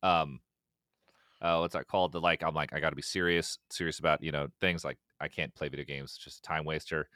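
A man's voice: rumbling low, steady tone, a little fast, sharp tone, no echo, studio quality. A young man, a musician guest, chatting casually on a podcast, rambling with restarts and swearing. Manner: rambling, profane, many restarts and acted-out quotes.

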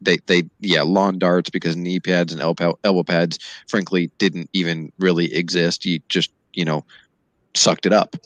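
A man with a very low voice co-hosts a casual podcast and reminisces in quick, animated bursts. He grew up in Southern California. The recording is dry and close, with no room echo. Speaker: podcast co-host. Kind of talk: casual nostalgic chat. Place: podcast studio.

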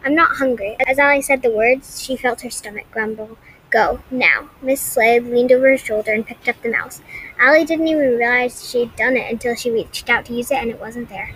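A woman's voice: fairly high pitch, a little fast, a bit bright, slight background noise, rough recording. Woman reading a novel aloud. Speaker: audiobook reader.

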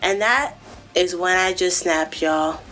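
Woman, casual storytelling monologue, profane, lively, speaks to listeners directly, faint music underneath. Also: on the low side, takes it slowly. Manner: animated, profane, addresses listeners as guys and y'all. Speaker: podcast host.

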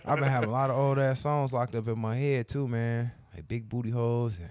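A man co-hosting a casual podcast, teasing his partner with loud, crude banter. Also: medium pitch, fairly even intonation, brisk, dry recording. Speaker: podcast co-host. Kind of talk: casual chat.

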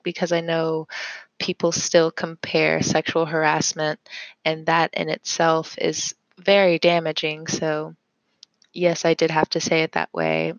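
Slow, calm woman reading tarot. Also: on the low side, dry recording, muffled recording. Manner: reflective, unhurried, with pauses and fillers. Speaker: tarot reader and podcast host. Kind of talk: casual tarot reading podcast.

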